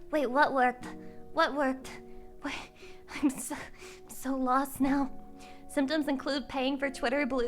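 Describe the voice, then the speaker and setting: A woman VTuber streamer chatting casually with her viewers, excitable and profane, breaking into shrieking laughter. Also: high-pitched, takes it slowly, long pauses, soft background music. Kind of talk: casual live-stream chat.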